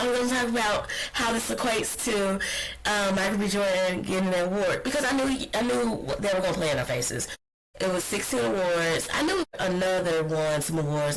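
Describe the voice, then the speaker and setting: A podcast host talking alone in a rambling, blunt and profane way, getting heated and often trailing off to think out loud. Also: mid-range voice, slight background noise, rough recording. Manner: heated, ranting. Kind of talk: casual solo podcast monologue.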